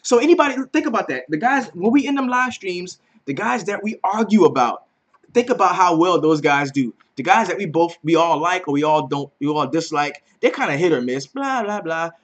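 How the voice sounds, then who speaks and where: A man hosting a casual daily fantasy basketball breakdown, animated and slangy, swearing freely. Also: high voice, fairly quick, dull audio. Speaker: daily fantasy sports host. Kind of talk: casual sports betting breakdown.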